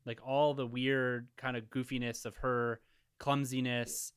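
A man's voice: mid-range voice, level tone, a little slow, clean tone, no echo, studio quality. A man co-hosting a casual round-table podcast, asking questions and prompting the others. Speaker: podcast co-host.

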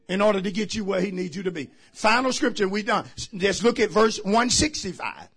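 A male pastor, preaching a sermon in call-and-response style and moving from hushed storytelling to shouting. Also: sits high, fairly quick, few pauses, breathy edge.

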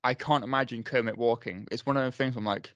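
A man's voice: medium pitch, steady tone, fast, a bit bright, dry recording, muffled recording. A man co-hosts a casual film chat, offhand and agreeable, often answering in a word or two. His voice sits in the middle range for a man. The sound is dry and close to the mic. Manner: offhand, agreeable, brief replies. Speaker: podcast co-host.

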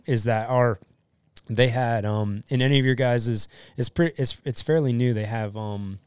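Profane firefighter telling war stories. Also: male voice, medium pitch, moderate pace, clean tone, no echo. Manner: profane, animated, acts out quotes. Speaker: firefighter and EMT guest. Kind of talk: casual podcast storytelling.

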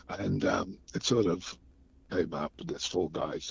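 A man from Australia tells stories as a guest in a low, gravelly and husky voice. He is animated and acts out the voices of the people in his tales. The sound is muffled and lo-fi. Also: measured pace. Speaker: guest storyteller. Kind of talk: casual anecdote telling.

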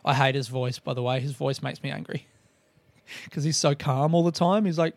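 A man's voice: fairly high pitch, fairly even intonation, moderate pace, no echo. A man talking in a casual, rambling monologue on a podcast, swearing often and mocking himself. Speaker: comedian podcast host.

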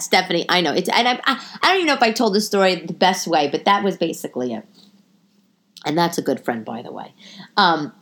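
A middle-aged woman hosting a podcast, telling a long story in a chatty, animated way with lots of restarts. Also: mid-range voice. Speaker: podcast host. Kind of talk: casual storytelling monologue.

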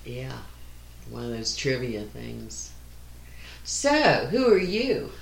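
A man hosting a casual chat in a slow, easygoing way. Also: medium pitch, wildly swooping pitch, gravelly. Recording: echoey room with faint ambience.

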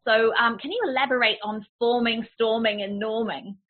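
Woman host, somewhat high, husky voice, giggly chatty delivery, tinny call line. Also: steady tone, moderate pace. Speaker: podcast host. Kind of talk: conversational interview. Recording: phone-like remote call audio.

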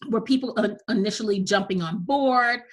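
A woman's voice: medium pitch, moderate pace, low-quality recording. A woman hosting an interview podcast, enthusiastic and effusive, with a slight cough. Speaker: podcast host.

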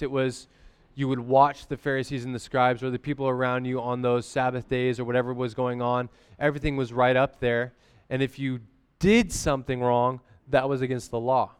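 A man's voice: medium pitch, clean tone. Laid-back young man preaching casually. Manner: conversational, slangy preaching with frequent "amen?" asides. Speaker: pastor. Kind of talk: casual sermon.

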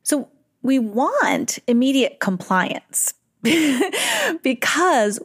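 A middle-aged woman hosting a podcast, giving parenting advice in a calm, reflective way and slowing down on key words. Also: high-pitched, husky, dry recording, studio quality. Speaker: parent educator and podcast host.

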